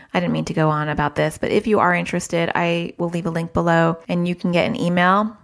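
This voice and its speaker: Woman podcast host, low pitch, gravelly, casual and frank, chatty. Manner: chatty, frank, laughs at herself. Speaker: podcast host, parenting educator.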